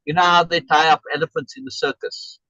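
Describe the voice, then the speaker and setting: A man's voice: a little high, flat delivery, fairly quick, pushed and bright, no room sound, highs cut off. A man coaching someone over a video call, emphatic and repeating key words for stress. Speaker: life coach.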